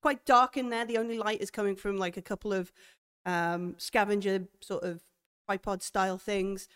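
A young woman narrating a tabletop horror game as game master, hesitant with many pauses and restarts. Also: mid-range voice, fairly even intonation, fairly bright tone, clean tone.

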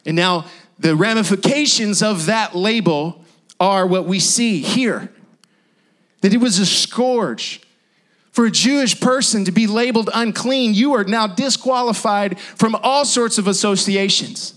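A male pastor preaching a sermon in an emphatic, repetitive style with dramatic pauses. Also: high-pitched, fairly bright tone.

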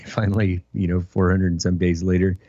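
A male co-host on a casual talk show, chuckling often and chiming in with quick remarks. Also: sits low, little pitch movement, dark tone, slightly rough, no echo. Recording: dry, muffled lo-fi sound.

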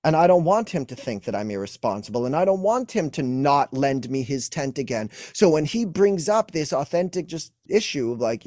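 Young guy coaching on feelings, earnest and explaining, mid pitch, dry sound no room. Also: very animated, normal speed, hardly any pauses, darkish tone, no room sound. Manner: earnest, explanatory, acts out quoted dialogue. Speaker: emotional wellness coach, guest. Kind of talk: explaining in a podcast interview.

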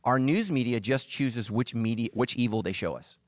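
A man's voice: medium pitch, normal speed, dry recording. A middle-aged man preaching a humorous sermon, acting out voices and quotes as he tells stories. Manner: animated, acts out voices and quotes. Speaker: pastor.

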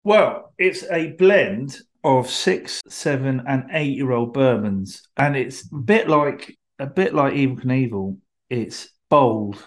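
A man's voice: medium pitch, expressive, takes it slowly, few pauses. Hesitant man telling a story. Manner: rambling storytelling with many ums and restarts. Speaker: co-host. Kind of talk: casual chat about whiskey and anecdotes.

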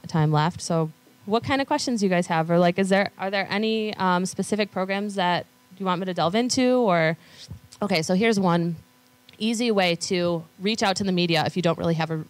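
A woman speaking at a conference, chatting with the audience and telling stories with lively quoted voices. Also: lowish voice, brisk. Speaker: conference speaker on law firm marketing. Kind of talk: conference talk with audience questions. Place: conference room.

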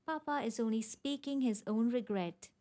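A woman voicing a sensible, gently firm young woman in a storybook reading, sounding reassuring. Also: on the high side, normal speed, lightly acted. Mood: earnest.

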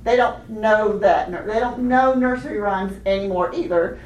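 A woman leading a hands-on children's music workshop, animated and laughing often as she teaches chanted rhythms. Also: mid-range voice, normal speed, slight background noise. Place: workshop room with participants. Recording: echoey room, voice from a distance.

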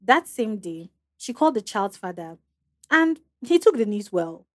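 A woman hosting a podcast, reading measured scripted narration about a guest's story. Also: mid-range voice, big pitch swings, dry recording. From Africa. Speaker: podcast host.

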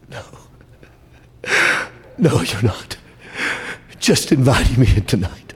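A male preacher delivering a sermon, with an impassioned delivery that swings from shouted high lines to soft, low passages. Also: expressive, takes it slowly, long pauses, breathy edge.

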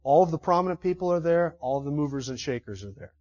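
A male preacher with a high voice delivers a sermon as a vivid story. He pauses to ask his listeners rhetorical questions. The recording sounds slightly muffled. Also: expressive, darkish tone.

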